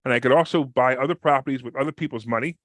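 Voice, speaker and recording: Fast and full of energy, a male real estate investor guesting on a podcast narrates a story and performs the voices of the people in it with big pitch swings. There's no echo on the recording.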